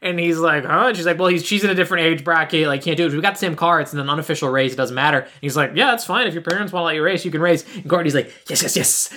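Low-voiced woman recapping a movie. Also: racing, hardly any pauses, a bit bright. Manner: recounts scenes acting out characters' lines. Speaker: podcast co-host. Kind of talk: casual movie recap chat.

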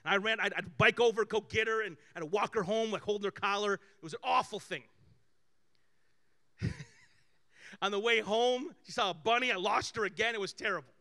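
A male pastor delivers a conversational sermon full of personal stories, swinging animatedly between loud bursts and hushed asides. His voice sits high, he speaks at a normal speed, and he pauses often.

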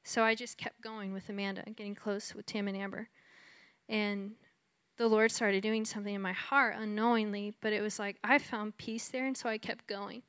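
A woman's voice: mid-range voice, little pitch movement, moderate pace, a bit bright, clear, resonant tone, dry recording. A woman from Texas giving a conversational testimony in a sermon, telling her story with lots of "like" and "you know". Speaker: speaker sharing her testimony.

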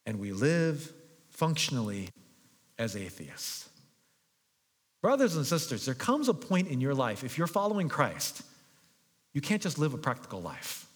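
A man preaches from the pulpit, acting out a story, his voice rising into excited crowd calls and dropping low and quiet. His voice sits high for a man. A long reverb trails each phrase, as in a large sanctuary. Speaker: pastor. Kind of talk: sermon.

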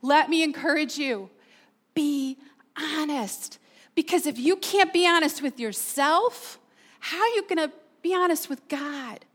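High-voiced woman preaching a sermon. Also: unhurried, a bit bright. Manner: earnest, personal, asks the audience questions. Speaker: pastor.

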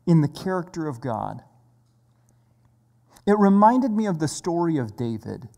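A preacher giving a sermon in a measured, earnest way. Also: medium pitch, mellow. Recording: long reverb of a large hall.

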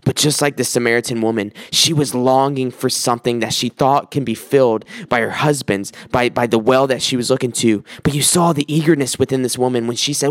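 A man's voice: medium pitch, normal speed, hardly any pauses, no room sound. Earnest male preacher, dry close sound. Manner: earnest, repeats words for emphasis. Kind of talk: sermon with scripture reading.

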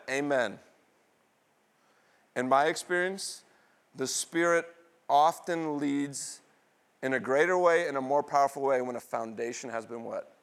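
A middle-aged male pastor preaching with a slightly high voice. He throws questions out to the congregation and answers them himself. He swings from loud, excited bursts down to low, hushed asides. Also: moderate pace, pauses often. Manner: call-and-response questions, dramatic swings in pitch and loudness. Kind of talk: sermon.

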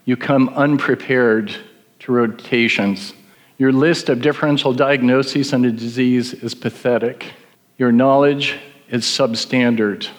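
A cold, harsh department chairman doctor, as a preacher puts him on, lays out a student's failures in a middle-pitched, scolding tone. His voice rings with the long reverb of a large hall. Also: fairly even intonation, unhurried, natural voice.

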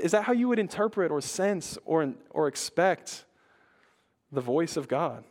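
A young male pastor giving a loose, conversational sermon. His voice sits a little higher than most men's. He talks casually, full of "like" and quick restarts. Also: animated. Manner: casual and chatty, with frequent "like" and stuttered restarts.

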